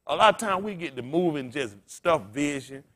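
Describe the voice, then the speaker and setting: A male pastor preaching in an easygoing, conversational way, with a voice that sits a little high for a man. He tells stories and throws rhetorical questions at the congregation, climbing to loud excited peaks and then sinking to near-murmurs. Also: normal speed. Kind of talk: sermon.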